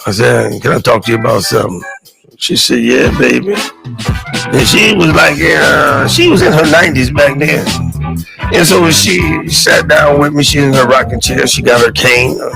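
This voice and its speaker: Gravelly man shouting out over loud music. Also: lowish voice, poor audio. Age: middle-aged. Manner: loud, animated, calls out family names. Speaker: live stream host. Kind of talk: casual live stream shout-outs and storytelling.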